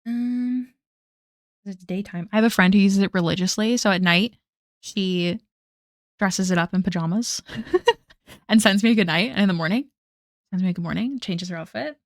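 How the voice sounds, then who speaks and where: A woman's voice: mid-range voice, moderate pace, long pauses, dry recording. Woman, casual streamer; chatty, self-mocking, laughs a lot; dry, close sound. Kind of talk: casual live-stream chat.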